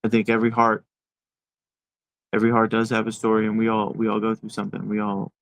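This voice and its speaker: A man in his forties, an interview guest telling his personal story in a halting way, repeating words as he goes. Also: fairly low pitch, completely flat delivery, creaky, a bit bright, no room sound.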